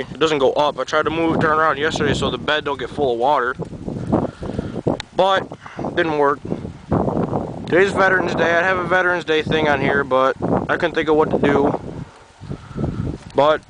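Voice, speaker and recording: Out in the cold with a handheld camera, a slightly sick young man from New York, his accent touched with a bit of the South, walks around his truck in a casual, rambling way. His pitch runs on the high side at a moderate pace, broken by frequent pauses, and he swears without much thought. Background noise is audible.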